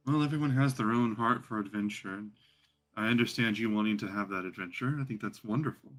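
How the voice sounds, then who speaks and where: A man voicing a caring older male companion who speaks earnestly and gives gentle advice. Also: lowish voice, a little fast, lightly acted. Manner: warm and earnest, fatherly advice.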